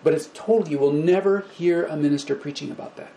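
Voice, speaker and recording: A man giving an informal spiritual lecture to a small group, speaking gently and repeating words, growing animated when he acts out examples. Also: fairly high pitch, fairly quick, gravelly, slight background noise, rough recording. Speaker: spiritual teacher.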